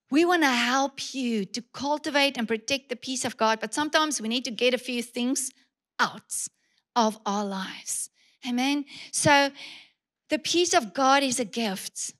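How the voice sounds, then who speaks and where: A woman pastor with a high voice preaches a sermon. She is emphatic, repeats key words for weight, and keeps asking her congregation direct questions. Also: a bit bright.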